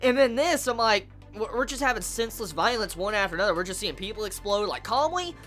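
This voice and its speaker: Woman ranting abt an anime ep, swears a lot, trips over her words, bright voice bouncing all over, faint music behind. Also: mid-range voice, animated, quick pace, few pauses. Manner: profane, exasperated, stumbles and repeats words. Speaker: anime reviewer. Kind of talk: ranting episode review.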